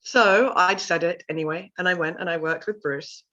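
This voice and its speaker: A middle-aged woman with a lowish voice tells her story in an interview, animated and expressive. She is a vocal coach who slips into little voices when quoting people. The audio is somewhat dull and lo-fi. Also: normal speed. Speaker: vocal confidence coach and sound healer.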